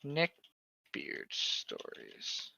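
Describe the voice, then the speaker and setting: A young man co-hosting a casual podcast chat, sarcastic and quick with profane jokes, on a dull lo-fi mic. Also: sharp tone, dry recording. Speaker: podcast co-host.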